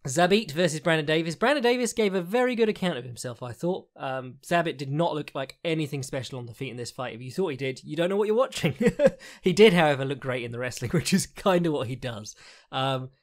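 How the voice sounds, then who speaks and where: A man's voice: fairly high pitch, fairly quick. Casual man rambling fight recap. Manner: rambling, frank, swears, frequent fillers and laughs. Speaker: podcast host, fight analyst. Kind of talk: casual solo commentary recap.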